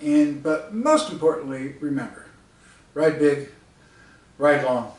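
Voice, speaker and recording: A man's voice: a little high, expressive, slow. A man from the United States telling a funny travel story in a casual, chatty way, laughing often and adding asides. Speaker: storyteller and author. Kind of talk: casual spoken anecdote. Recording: roomy sound from a distance.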